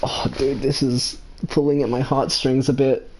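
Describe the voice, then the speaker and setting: A man's voice: mid-range voice, level tone, moderate pace, hardly any pauses, a little mellow, slight background noise. Emotional young man playing a game. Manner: emotional, swears casually, repeats himself. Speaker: gaming channel host. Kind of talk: emotional let's play commentary.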